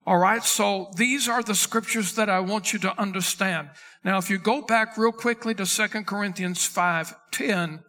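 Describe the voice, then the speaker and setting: High, bright-voiced preaching pastor. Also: male voice. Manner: emphatic preaching, stretches key words, reads scripture aloud. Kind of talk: sermon.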